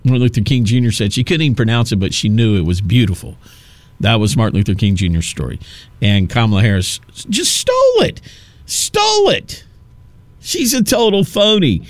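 A man's voice: lowish voice, huge pitch swings, quick pace, dry recording. A man hosting a talk radio show, delivering a mocking, sarcastic monologue into a studio mic.

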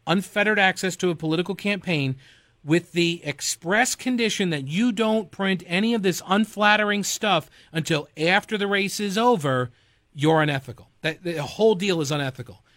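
A man hosts a talk radio show, rambling loosely and sarcastically through casual political talk and a host-read ad, with fillers and chuckles. His high voice is a bit bright, at normal speed, with no echo.

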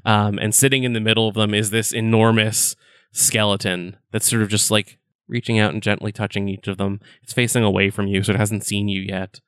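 A man narrating a tabletop game as game master, describing scenes in a halting way with lots of fillers. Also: on the low side, level tone, a bit bright, clear, resonant tone, no echo.

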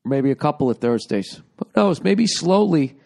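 A man's voice: a little high, very animated, normal speed, gravelly, dark tone. Rambling, foul-mouthed male podcast host. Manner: rambling, sarcastic, swears constantly. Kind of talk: casual profane monologue. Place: home.

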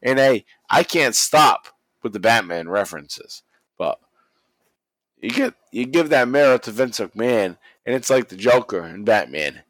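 A man excitedly recapping a wrestling match in casual chat, swearing a lot and acting out the wrestlers' lines. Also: mid-range voice, a little slow, dry recording. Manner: animated, swears constantly, acts out quotes. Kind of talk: casual profane play-by-play recap.

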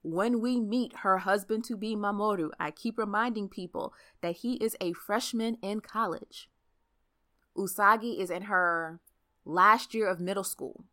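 A woman talking in a casual podcast chat, animated and full of fillers. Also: mid-range voice. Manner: animated, talks fast with frequent fillers.

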